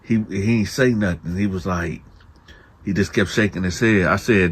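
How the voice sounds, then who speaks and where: Low-voiced man from telling stories. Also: normal speed, husky. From Flint, Michigan. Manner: animated, conversational, acts out dialogue. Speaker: host. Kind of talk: prison storytelling.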